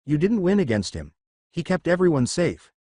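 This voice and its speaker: A man voicing a young boy demon slayer who is grieving and defiant, his pitch raised as he shouts and pleads. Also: sing-song, normal speed, no echo, studio quality. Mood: tearful.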